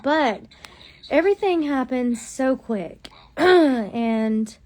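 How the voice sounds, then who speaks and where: Young woman, chatty live-stream talk, fillers and restarts, tired, slightly high voice. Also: expressive, very slow, darkish tone. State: hospitalized, pregnant, tired. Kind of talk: casual live-stream storytelling to viewers.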